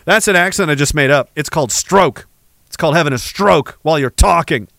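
A man's voice: on the high side, fairly quick, vocal fry, fairly bright tone, no echo. A man hosting a livestream, reading chat messages aloud in a rambling, profane, sarcastic way.

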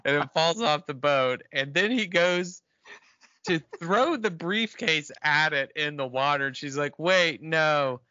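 A man's voice: a little high, a little slow, dry recording, highs cut off. A man co-hosting a casual chat, joking and acting out lines from a film's plot with laughs. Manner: lively, jokes and acts out lines with laughs. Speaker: podcast co-host. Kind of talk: casual movie recap chat.

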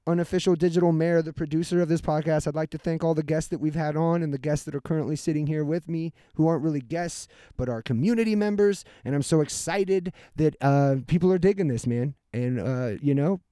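A laid-back male podcast host with a slightly higher voice, reading off the show's outro in a loose, casual flow. He swears freely and sounds easygoing. The sound is dry and close to the mic. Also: brisk, few pauses, dark tone, clean tone, no echo. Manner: laid-back, swears often, laughs easily.

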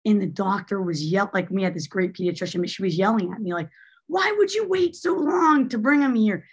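A woman's voice: on the low side, fairly bright tone. A woman telling a personal story as an interview guest, candid and chatty with lots of fillers. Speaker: guest, former basketball coach.

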